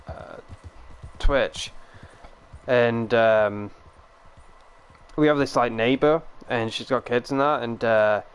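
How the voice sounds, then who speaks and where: A man's voice: medium pitch, slow, long pauses, clean tone. A young British man with a British accent, chatting casually and rambling on a game stream, swearing now and then and laughing often. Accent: British English.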